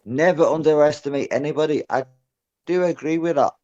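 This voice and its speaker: A man's voice: a little high, brisk, over a noisy crowd. A man chatting on a voice-chat show, swearing and rambling, ending nearly every phrase with "lad" or "mate". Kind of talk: rowdy casual chat. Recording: dull lo-fi voice-chat audio.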